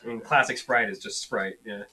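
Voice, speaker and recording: A man from the American South, running a tabletop game as game master in relaxed, teasing banter. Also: lowish voice, brisk, a little hiss or hum, rough recording.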